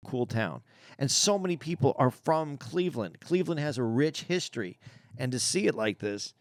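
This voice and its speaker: A man's voice: medium pitch, animated, moderate pace, dry recording. A man co-hosting a comedy podcast who rambles, stammers through restarts and pokes fun at himself, close on a studio mic. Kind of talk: casual comedic banter.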